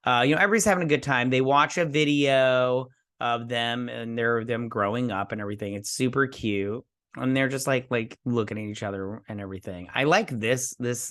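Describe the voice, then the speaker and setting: A man's voice: mid-range voice, fairly bright tone. A man hosting a casual TV episode recap, rambling and acting out the characters' lines as he retells them. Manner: rambling, acts out dialogue with "she's like". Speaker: host.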